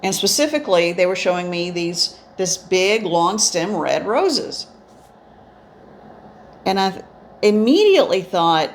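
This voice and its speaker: This spiritual medium speaks in a fairly low, very animated voice, unhurried and pausing often. She shares her experiences indoors as rambling, reflective instructional stories full of restarts, her eyes often closed.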